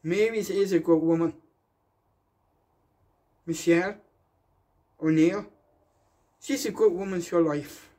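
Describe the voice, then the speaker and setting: A man's voice: sits high, takes it slowly, pauses often, mellow. A man giving a rambling, defiant public rant, emphatic and repeating himself.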